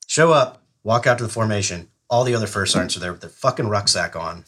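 Talking fast in a lowish, fairly bright, slightly rough voice, a middle-aged retired soldier tells a long story as a podcast guest. He's a former Army Ranger, casual and profane, and laughs throughout.

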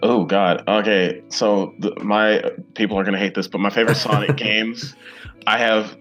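A man's voice: lowish voice, steady tone, moderate pace, a bit bright, soft background music. A man in his twenties, a guest on a podcast, chatting casually and eagerly with lots of fillers. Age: 20s. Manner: rambling and eager, many fillers. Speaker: podcast guest, comic creator.

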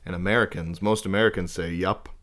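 A man's voice: on the low side, a little fast, a bit bright. A young man from Maine co-hosting a podcast, telling stories casually with swearing and frequent laughter. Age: young adult. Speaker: podcast co-host. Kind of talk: casual chat.

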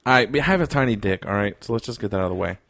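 A man's voice: lowish voice, expressive, racing, a bit bright, no room sound, studio quality. A man telling crude stories in casual comedic banter with friends, laughing and acting out quotes. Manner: crude, laughing storyteller who acts out quotes.

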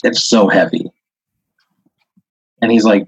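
A man improvising a comic tabletop story as game master, halting and rambling as he narrates. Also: lowish voice, steady tone, vocal fry, breathy edge, no echo. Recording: dull, dry lo-fi audio.

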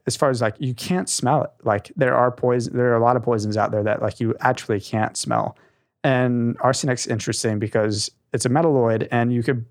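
A man's voice: mid-range voice, creaky. A man co-hosting a casual podcast, rambling with lots of fillers and laughs. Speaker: podcast co-host. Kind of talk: casual chat.

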